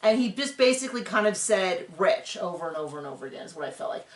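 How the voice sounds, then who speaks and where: A woman's voice: fairly low pitch, lively intonation, fast, roomy sound. A woman hosting a casual TV recap, chatting in a sarcastic, filler-heavy way. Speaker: recap show host.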